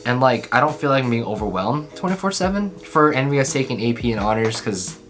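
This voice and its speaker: A man's voice: medium pitch, sing-song, fast, a bit bright. A young man chatting casually about college, rambling with lots of slang and fillers. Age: young adult. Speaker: college student vlogger. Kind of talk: casual chat.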